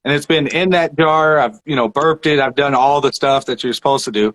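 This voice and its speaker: A man co-hosting a talk show, speaking in a relaxed, matter-of-fact way in casual chat. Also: medium pitch, fairly quick, poor audio. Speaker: radio show co-host.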